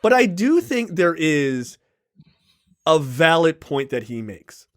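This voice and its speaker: Emphatic, profane man with a higher voice. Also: very animated, slow pace. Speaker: podcast co-host. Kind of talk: casual film podcast chat.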